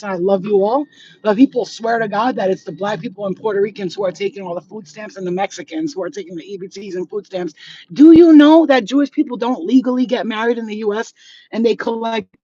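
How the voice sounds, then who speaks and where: High-pitched woman ranting bluntly outdoors. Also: mellow, dull audio, slight background noise. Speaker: psychic medium. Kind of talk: ranting vlog. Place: outdoors in a residential neighborhood.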